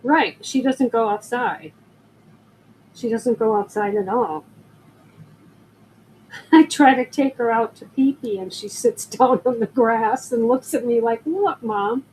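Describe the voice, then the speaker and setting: Slow-talking older woman chatting on a live stream. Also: a little high, a little mellow, a little hiss or hum, poor audio. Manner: chatty, rambling storyteller who greets viewers. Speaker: live-stream jewelry seller. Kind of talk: casual live-stream chat.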